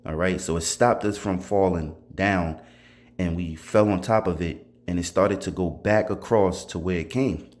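A man's voice: deep voice, moderate pace, darkish tone. A man casually recounting a vivid dream as a religious testimony, rambling with many fillers and restarts. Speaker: testifying believer.

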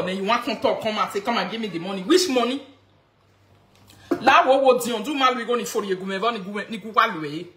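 A Nigerian woman ranting on a casual live stream, excitable and mocking, switching between pidgin and local phrases. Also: mid-range voice, roomy sound, a little hiss or hum. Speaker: live-video gossip commentator.

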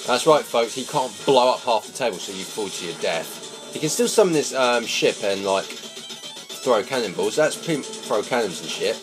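A man's voice: mid-range voice, animated, normal speed. A man giving casual, playful, sweary commentary over a video game. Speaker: let's play commentator. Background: game music.

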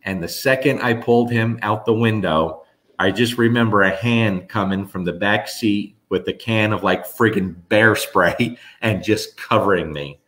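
A man's voice: on the low side, a little slow. A middle-aged man from New Jersey telling stories in a casual chat with viewers, rambling with restarts. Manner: animated storyteller, rambling restarts. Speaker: host.

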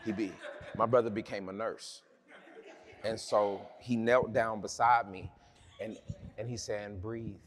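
A man's voice: lowish voice, steady tone, a little slow, long pauses, background noise. A man preaching a sermon, telling a personal story in a conversational, humorous way with many restarts.

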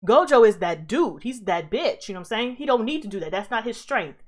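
With a medium-pitched voice, a young woman hosts casual reaction commentary, full of excitement, swearing, and frequent exclamations.

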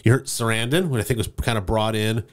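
This movie podcast co-host speaks fast in a lowish male voice. The chat is casual and lively, and he keeps laughing and performing the lines he quotes.

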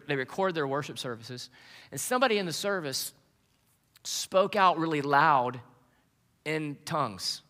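A man's voice: mid-range voice, a bit bright. A man preaching a sermon as pastor, telling stories earnestly with frequent restarts. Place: church sanctuary. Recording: long hall reverb.

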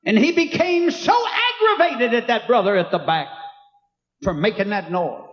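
A man preaching a fiery revival sermon, shouting fervently as he tells a story. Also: very high-pitched, animated, normal speed. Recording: echoey hall, dull sound, audience.

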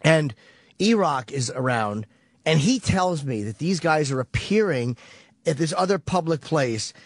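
High-voiced man telling a profane story. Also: expressive, measured pace, no room sound, studio quality. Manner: profane, rambling, vivid retelling. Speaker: radio show regular. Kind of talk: casual radio storytelling.

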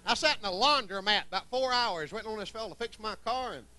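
Southern male stand-up comic, folksy and wisecracking, high bright voice. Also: fast. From Columbus, Georgia, US. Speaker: stand-up comedian. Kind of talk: stand-up comedy set. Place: comedy club stage.

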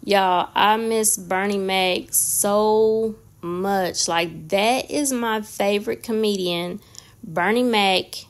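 A woman whose voice is worn hoarse, with a gravelly edge, talking at an unhurried pace. She hosts a nail channel and chats casually and directly to her viewers, calling them "y'all" again and again. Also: mid-range voice. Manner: chatty, talks straight to viewers with frequent "y'all". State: hoarse, voice nearly gone.

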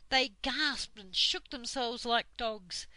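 Slow, bright older woman reading aloud. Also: on the high side, dry recording, rough recording. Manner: slow, gentle storytelling. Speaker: storyteller. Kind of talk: reading a children's book aloud.

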